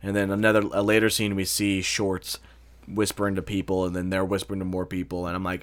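A man discusses a film in a blunt, offhand way, swearing casually. His voice sits fairly low. He talks like someone who saw the twist coming. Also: completely flat delivery, fast talker. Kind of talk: casual movie review chat.

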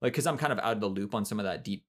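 A man's voice: lowish voice, racing, a bit bright. A man from Canada co-hosting a podcast, telling long stories in a loose, rambling way full of fillers and swearing. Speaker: podcast co-host. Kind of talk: casual chat.

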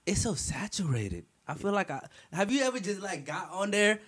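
Animated slangy young man chatting. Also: high-pitched, moderate pace, husky. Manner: animated, slangy, swears freely. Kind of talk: casual chat.

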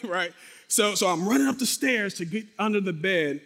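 A man with a fairly high voice tells a dramatic personal testimony. He speaks straight to his listeners and acts out sounds and voices as he goes. His voice rings with long reverb, as if in a large hall. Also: normal speed. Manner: animated, acts out sound effects and quotes; addresses the audience directly.

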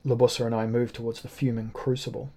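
A man reading a first-person novel aloud as narrator, in a measured, sombre, even manner. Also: medium pitch. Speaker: audiobook narrator.

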